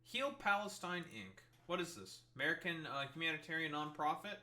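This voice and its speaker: A man's voice: fairly high pitch, lively intonation, brisk, hardly any pauses, sharp tone. A young man streaming live commentary, swearing a lot and sounding sarcastic and incredulous. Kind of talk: livestream reaction commentary.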